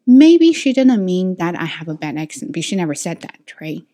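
A woman's voice: lowish voice, normal speed, few pauses, dark tone. A woman teacher, not a native English speaker, talking her students through a reflective lesson with frequent restarts and self-corrections.

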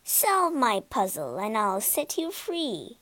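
Lady playing a cold mean snow queen, bored and mocking, slow and sweeping. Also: on the high side, wildly swooping pitch, fairly bright tone, full character voice.

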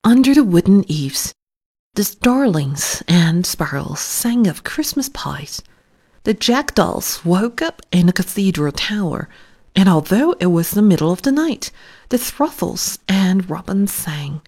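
A woman reading a children's story aloud in a soft, hushed, whispered storytelling voice. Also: lowish voice, sing-song, measured pace, husky.

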